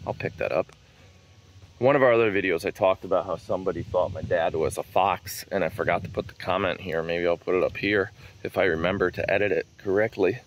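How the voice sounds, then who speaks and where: A man with a fairly low voice chats easily to his viewers as he walks outdoors around his farm. He rambles from topic to topic in a relaxed, unscripted way. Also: brisk. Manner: chatty, easygoing, calls out to a wandering dog. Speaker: farm vlogger. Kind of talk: casual rambling chat.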